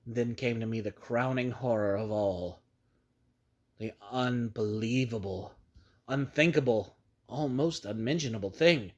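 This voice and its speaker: Man reading a horror story real slow, grave measured voice. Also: medium pitch, darkish tone, dull audio. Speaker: narrator.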